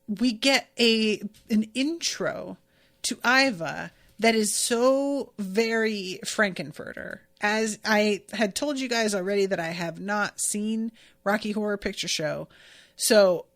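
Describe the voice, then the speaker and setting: A woman's voice: medium pitch, fairly bright tone. A woman hosting a podcast and casually recapping an episode, gushing and swearing freely. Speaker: podcast host.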